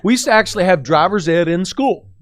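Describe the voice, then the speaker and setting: A middle-aged man co-hosting a radio talk show, telling a personal story in an animated way. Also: sits high, fast. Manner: animated anecdote teller. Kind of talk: storytelling in casual discussion.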